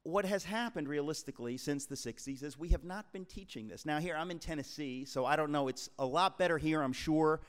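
An author in his sixties from the New York area gives an emphatic, preacherly talk to a live crowd, calling them folks. His voice sits a touch higher than most men's. The sound carries the long reverb of a large hall. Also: brisk, hardly any pauses. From New York tri-state area, USA. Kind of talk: speech to a live audience.

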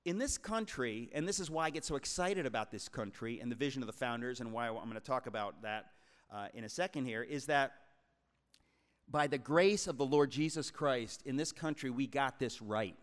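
A man's voice: medium pitch, animated, moderate pace. Emphatic man in his 60s, echoing hall. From New York tri-state area, USA. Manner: emphatic, preacherly, addresses listeners as folks. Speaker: author giving a talk. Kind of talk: speech to a live audience. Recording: long hall reverb.

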